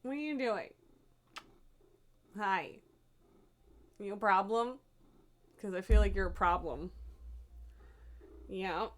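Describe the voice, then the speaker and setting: A woman's voice: mid-range voice, slow, long pauses. A woman streaming live, chatting casually and cooing and scolding her pets in baby talk. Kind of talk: casual livestream chat.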